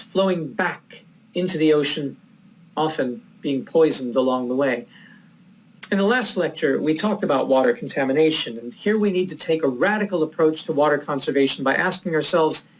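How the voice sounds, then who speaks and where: A man from the United States giving a recorded lecture, telling a personal story in a reflective, measured way. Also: a little high, rough recording.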